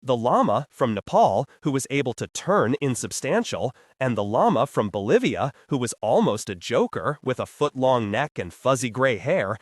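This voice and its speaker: Male audiobook narrator, lively pitch, dry close-mic sound. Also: dry recording. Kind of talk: scripted narration.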